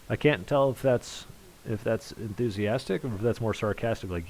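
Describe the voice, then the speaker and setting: A man's voice: fairly low pitch, normal speed, a little mellow, low-quality recording. A man commentating live on an online darts match, calling scores and reading out viewer chat in a conversational way. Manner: voice rises sharply on big finishes.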